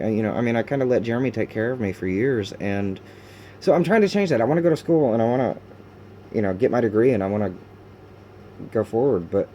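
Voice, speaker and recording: A man recording a confessional video diary at home, talking in halting, raw bursts with many restarts and fillers, frustrated and sometimes cursing. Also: on the low side, mellow, a little hiss or hum. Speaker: video diarist.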